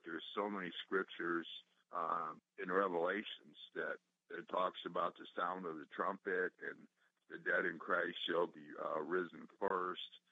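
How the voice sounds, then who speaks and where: A man's voice: deep voice, creaky, no room sound. A man calling in to a radio show who asks a Bible question hesitantly, stumbling and restarting as he searches for words. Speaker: caller. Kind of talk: phone-in question. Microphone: telephone. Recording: dull phone-line audio.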